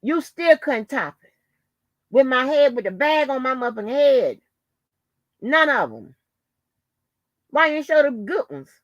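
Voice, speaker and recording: A woman's voice: sits high, very animated, unhurried, long pauses, dry recording. A woman hosting her own channel, delivering a heated, profanity-laden rant full of taunts and insults. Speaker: channel host. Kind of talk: angry profane rant to the camera.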